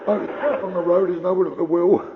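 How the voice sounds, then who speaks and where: An older man doing gruff, conversational stand-up storytelling. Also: high-pitched, steady tone, moderate pace, phone-quality sound, noisy background. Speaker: stand-up comedian.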